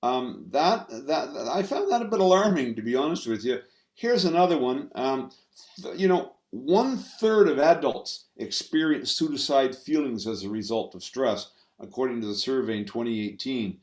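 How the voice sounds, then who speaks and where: A man giving a talk on stress management to an audience, halting and full of fillers and restarts. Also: medium pitch, expressive, darkish tone. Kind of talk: presentation talk. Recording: roomy echo.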